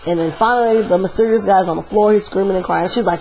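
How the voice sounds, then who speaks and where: Animated, slangy woman reviewing a movie. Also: mid-range voice, fast, slight background noise. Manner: animated, slangy, chatty retelling. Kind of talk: casual video review.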